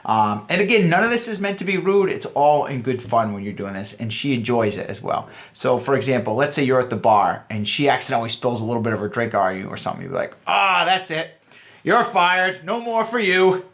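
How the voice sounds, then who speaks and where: A man's voice: mid-range voice, animated, fast, hardly any pauses. A man, a dating coach, giving a loose, rambling instructional talk full of fillers and restarts. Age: adult.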